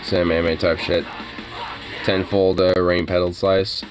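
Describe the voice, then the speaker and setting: A man's voice: low-pitched, level tone, unhurried, over music. A young man giving casual reaction commentary, ranting with heavy profanity and frequent laughter.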